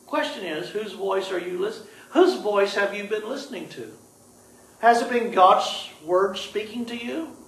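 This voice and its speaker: A man preaching a sermon to a congregation, lively and joking, calling on the listeners to answer back. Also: high-pitched, a little slow, vocal fry. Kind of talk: sermon with call-and-response. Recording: echoey room, voice from a distance.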